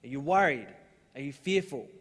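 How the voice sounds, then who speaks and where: A young adult man with an Australian accent, preaching a sermon as pastor in a relaxed, storytelling way with lively asides. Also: mid-range voice, moderate pace. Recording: long hall reverb.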